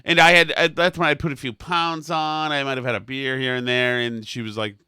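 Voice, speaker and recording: Casting: male podcast co-host, bright tone, dry close studio mic, rambling comic storyteller. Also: medium pitch, flat delivery, a little fast, clear, resonant tone, dry recording. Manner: rambling, self-mocking anecdotes. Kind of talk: comedic storytelling chat.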